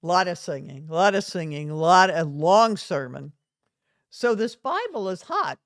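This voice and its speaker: A woman's voice: on the low side, very animated, a little slow, dry recording, studio quality. A woman guest, a retired reverend, telling personal stories earnestly with small chuckles. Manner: earnest, chuckles through anecdotes. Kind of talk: storytelling in conversation.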